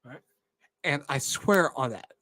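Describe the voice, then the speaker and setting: Tearing up, this channel host in his twenties addresses his viewers earnestly in a casual monologue, repeatedly checking "all right?" His voice sits on the high side, expressive with a sharp tone, and his pace is a little slow.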